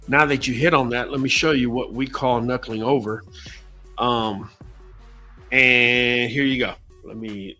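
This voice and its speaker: A man's voice: medium pitch, pushed and bright. A man hosting a casual livestream as a dog breeder, blunt and slangy, talking straight to his viewers.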